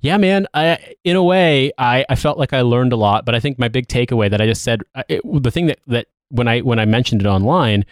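A man's voice: medium pitch, animated, fairly quick, hardly any pauses, no echo, clean studio sound. A man co-hosting a podcast in casual chat, laughing often and swearing freely. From United States. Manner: laughs often, loose and profane. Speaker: podcast co-host.

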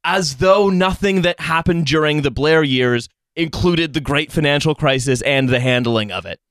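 A man's voice: fairly high pitch, moderate pace, fairly bright tone, no room sound. A man on a casual comedy podcast, reading passages from a book aloud and mocking them with sarcastic asides.

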